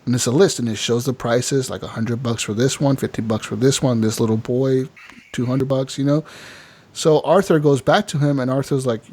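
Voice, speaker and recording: A man co-hosting a casual gaming podcast, telling a game's story with lots of swearing and putting on quick voices for the characters. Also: medium pitch. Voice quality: animated storyteller, swears freely, acts out characters in quotes. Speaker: podcast co-host.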